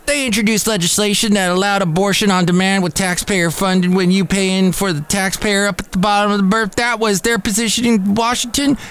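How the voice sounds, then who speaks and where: A red-faced older politician , as a man puts him on, bellows in a thick Southern US drawl, his voice jumping well above its usual pitch. He rants with loud indignation and barely lets the words land before the next outburst. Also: fairly even intonation, a little fast, few pauses, clean tone. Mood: furious ranting. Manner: shouting, indignant tirade. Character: furious shouting male politician, older, ranting.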